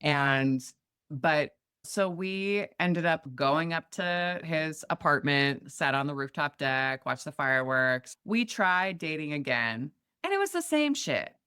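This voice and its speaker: Speaking slowly in a deep voice, this middle-aged woman from Montana shares a story as a podcast guest, animatedly acting out each quoted voice. The tone is clean, with no room sound and full studio quality.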